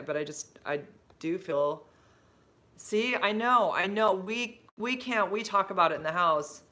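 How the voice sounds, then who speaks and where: A woman's voice: low-pitched, a bit bright. A middle-aged woman hosting a casual livestream, answering viewer comments in a rambling, chatty way with many fillers and restarts. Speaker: livestream host.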